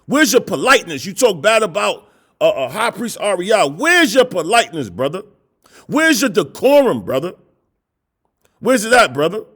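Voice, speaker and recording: A man's voice: high voice, sing-song, moderate pace, sharp tone, husky. A middle-aged man preaching a confrontational sermon, scolding his listeners with repeated rhetorical questions and blunt, profane language. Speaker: street preacher.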